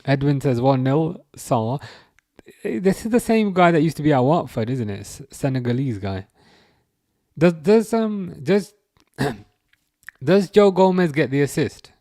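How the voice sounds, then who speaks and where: Hosting a casual football livestream, this man has an expressive, warm, slightly high voice and talks a little slowly. The audio is clean studio sound with no room sound; he chats, pokes fun at himself, restarts sentences often, and laughs during the live match commentary.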